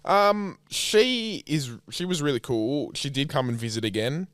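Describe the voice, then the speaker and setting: A man's voice: fairly high pitch, expressive, a little slow, fairly bright tone, no room sound, studio quality. An Australian man in his twenties co-hosting a podcast, talking bluntly and casually with plenty of swearing. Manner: sweary, blunt, laid-back. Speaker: podcast co-host. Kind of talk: casual chat.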